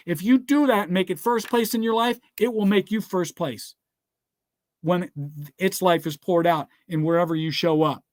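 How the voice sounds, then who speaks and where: Speaking at a moderate pace with fairly even intonation, a man with a distinctly high voice preaches business success through scripture. His delivery is emphatic, full of requests to write things down, check-ins of "all right?" and repeated "guess what." There is no room echo; the sound is dry.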